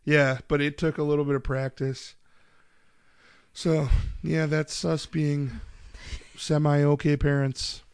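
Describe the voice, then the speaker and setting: A man's voice: on the high side, little pitch movement, takes it slowly, pauses often, clear, resonant tone, no echo, studio quality. A man in his thirties hosting a podcast, telling profane family stories in casual chat and laughing often. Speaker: podcast host.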